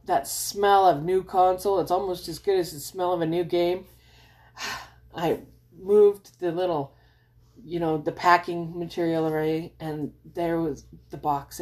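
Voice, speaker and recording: A woman talking casually as a gamer vlogger, chatty and excitable, often correcting herself and acting out her own reactions. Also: lowish voice. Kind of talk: casual chat.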